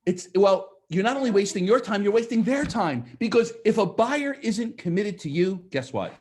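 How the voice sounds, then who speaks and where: A man in the middle of a live seminar, talking in a fairly high voice that swings up and down as he makes his points. He throws questions at the room and slips into the voices of the clients he quotes. His delivery is energetic and full of push. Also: moderate pace. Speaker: real estate sales trainer. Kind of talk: live seminar talk to an audience.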